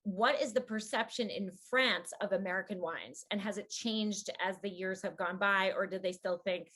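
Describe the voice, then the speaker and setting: A woman host talks in a frank, quick, chatty way, asking her guest questions. Her voice sits at an ordinary middle pitch for a woman. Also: a bit bright. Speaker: podcast host. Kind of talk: casual interview chat.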